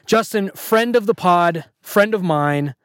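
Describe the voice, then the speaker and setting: A man hosts a podcast in a relaxed, joking way, sharing trivia with his guest. His voice sits a touch higher than most men's. The mic is close and dry, with no room sound. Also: slow pace, clean tone, dry recording. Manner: wry, joking, fact-heavy. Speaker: podcast host. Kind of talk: casual podcast chat.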